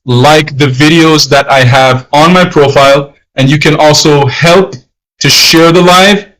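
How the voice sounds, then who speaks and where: A man's voice: on the high side, a bit bright, rough recording. A man teaching a live-streamed language lesson, patiently explaining and repeating phrases in Spanish and English.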